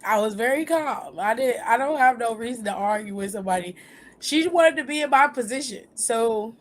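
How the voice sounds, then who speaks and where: A woman's voice: a little high, animated, normal speed, slight background noise. A woman chatting casually, teasing and exclaiming. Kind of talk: casual chat.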